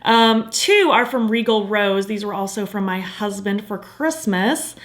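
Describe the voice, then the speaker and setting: A woman's voice: medium pitch, animated, measured pace. A young woman in a casual beauty vlog, gushing and enthusiastic, with lots of filler words as she talks through her favorite products. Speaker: beauty vlogger.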